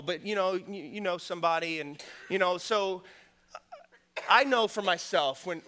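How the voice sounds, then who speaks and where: A man's voice: a little high, bright, forceful tone. A middle-aged man preaching a sermon, earnest and conversational, often repeating words and using fillers before rising to emphatic points. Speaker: pastor.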